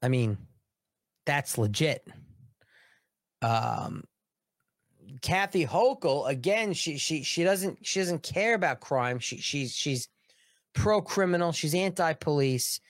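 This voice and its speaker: A man's voice: a little high, lively intonation, slow pace, pauses often, dry recording, clean studio sound. A man hosting a political commentary show, ranting emphatically and repeating words for stress.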